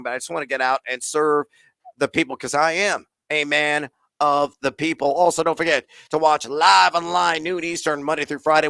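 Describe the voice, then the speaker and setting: Bright, crisp rapid-fire fantasy host. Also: male voice, a little high, dry recording. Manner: rapid-fire, playful, hyped sign-offs. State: out of breath. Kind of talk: live Q&A answering chat questions.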